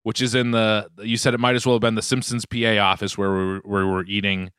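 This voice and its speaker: A man's voice: lowish voice, little pitch movement, fast talker, a bit bright, clear, resonant tone, no room sound, studio quality. A man co-hosting a podcast over a video call, joking and rambling in casual chat, swearing freely. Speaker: podcast co-host.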